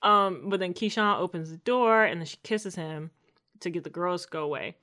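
A woman in casual chat, co-hosting a TV show recap and acting out quotes in a slangy, animated way. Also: lowish voice, moderate pace. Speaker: podcast co-host recapping a TV show.

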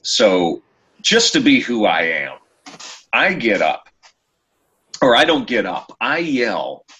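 A man hosting a casual chat show, telling a story with lively, acted-out quotes. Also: mid-range voice, slow. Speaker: podcast host.

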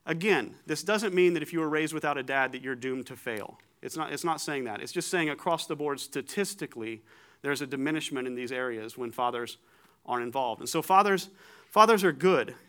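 A man giving a conversational sermon, animated and joking at his own expense, often repeating words as he starts a thought. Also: fairly high pitch, fairly quick, clean tone. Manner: animated, joking, self-deprecating.

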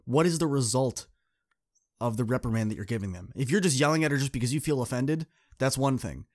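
A man's voice: a little fast, a little mellow. Guy coaching podcast host, earnest and direct, chatting to listeners, normal mid voice. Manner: acts out quoted people with shifts in pitch. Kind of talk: casual podcast monologue telling a story.

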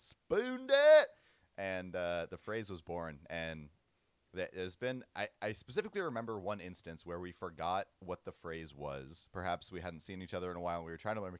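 A young man co-hosting a casual podcast, telling stories in a relaxed, easygoing way. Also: deep voice, brisk, clean tone, no room sound. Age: young adult. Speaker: podcast co-host. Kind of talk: casual chat, storytelling.

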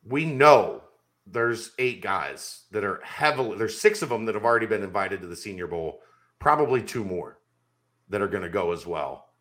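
Co-hosting a sports podcast, a man with a lowish, slightly bright voice argues his point emphatically in casual debate. He talks at normal speed with expressive delivery, insisting on his view and rambling off into stories.

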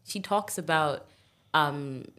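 A woman co-hosting a casual podcast, reacting and laughing along in a relaxed way. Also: low voice, takes it slowly. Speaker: podcast co-host. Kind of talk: casual chat.

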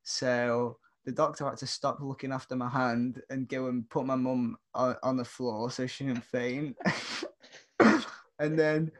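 A young British man telling a long story in casual chat. He rambles and stays animated, laughing through it, at an ordinary mid pitch. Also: unhurried. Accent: British English.

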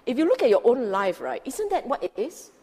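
A woman's voice: on the high side, big pitch swings, a little fast, mellow, husky. A woman teaching Buddhist scripture in a dharma talk, emphatic and asking her listeners rhetorical questions. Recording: long hall reverb.

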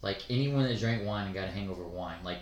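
Dude cohosting a podcast, rambly and swears a lot, echoey room. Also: male voice, deep voice, quick pace. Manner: loose, profane, rambling. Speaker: podcast co-host. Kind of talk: casual chat.

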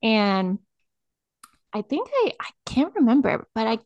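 A woman's voice: fairly high pitch, very animated, unhurried, darkish tone, dry recording, highs cut off. A woman co-hosting a podcast, telling a personal story in casual chat, filling her speech with "like" and getting emotional. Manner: filler-heavy, says "like" constantly, emotional. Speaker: podcast co-host.

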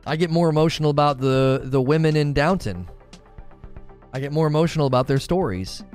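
A man's voice: fairly high pitch, a little fast, darkish tone, soft background music. A man chatting casually and earnestly, often repeating himself as he talks about what moves him. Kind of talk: casual chat.

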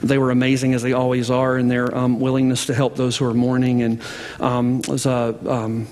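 Pastor preaching in a reverberant hall. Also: male voice, medium pitch, monotone, normal speed, darkish tone. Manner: conversational, frequent "like" and restarts. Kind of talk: sermon. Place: church sanctuary with balcony.

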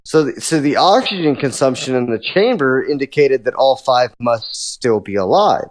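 A man's voice: medium pitch, expressive, moderate pace. A man co-hosting a podcast, retelling a creepy story in casual chat, laughing often and filling gaps with "so". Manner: laughs often, rambling with many "so" fillers. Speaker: podcast co-host. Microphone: studio microphone.

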